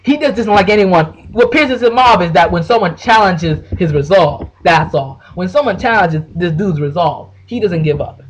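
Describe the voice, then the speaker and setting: A man ranting casually about anime fights, excitable and profane, full of slang and restarts. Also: high-pitched, normal speed, few pauses, slight background noise, poor audio. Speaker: anime reviewer. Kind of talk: casual anime rant to the camera.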